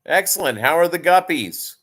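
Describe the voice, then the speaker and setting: A man's voice: fairly high pitch, lively intonation, normal speed, a bit bright. A man who breeds fish, chatting casually and rambling on his live stream and calling viewers "gang".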